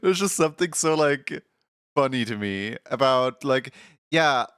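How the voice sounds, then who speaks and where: A man's voice: mid-range voice, expressive, a little slow, a bit bright, clear, resonant tone, no echo, clean studio sound. A man streaming right after waking up, talking in a groggy morning voice, rambling casually with many fillers and frequent laughs.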